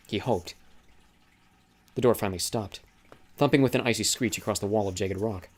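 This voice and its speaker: A man narrating an audiobook in a steady, dramatic reading style. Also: fairly low pitch. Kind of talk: scripted narration.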